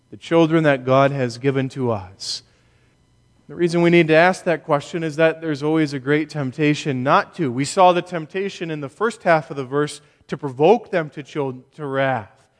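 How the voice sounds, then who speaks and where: Male pastor, slightly high voice, measured expository sermon, church hall reverb. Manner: measured, deliberate preaching with slow stressed key words.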